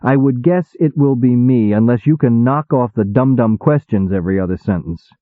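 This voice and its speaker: A man's voice: mid-range voice, moderate pace, dry recording, natural voice. A man voicing an impatient, wisecracking male demon who talks bluntly in slang, on a tinny recording. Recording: tinny phone-like dry sound.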